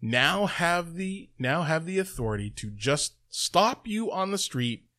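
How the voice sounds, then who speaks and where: A man's voice: fairly high pitch, expressive, a little slow, bright, forceful tone. Sarcastic man riffing on news. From Canada. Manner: sarcastic asides, profane, chuckling. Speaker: host reading and commenting on news. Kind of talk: casual news commentary. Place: Toronto.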